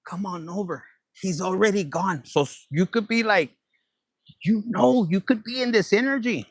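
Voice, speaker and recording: A man's voice: sits high, moderate pace, creaky, no echo. A man giving a casual tarot reading, playful and profane, dropping Spanish phrases. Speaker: tarot reader.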